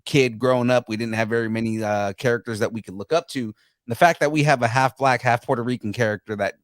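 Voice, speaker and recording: A man co-hosting a pop-culture podcast with an excited, hyped-up way of talking. His voice sits at an ordinary middle pitch. The recording is dry and close, with no room sound. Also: quick pace, dry recording. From grew up Latino in the US. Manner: excited, hypes reactions. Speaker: podcast co-host. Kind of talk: casual pop-culture chat.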